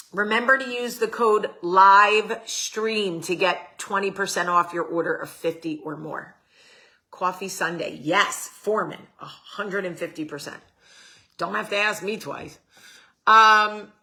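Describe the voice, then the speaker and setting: A woman hosts a relaxed livestream, talking to her viewers at an unhurried pace. Her voice is bright and forceful. She answers comments as they come in and lets the odd swear word slip. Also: fairly low pitch. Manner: chatty, talks straight to viewers and reads their comments aloud; swears casually. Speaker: host. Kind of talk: casual livestream chat.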